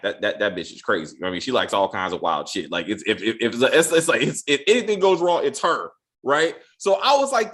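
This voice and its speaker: A man hosting a casual film review chat, profane and animated, often stumbling and restarting as he acts out quotes. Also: on the high side. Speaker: podcast host.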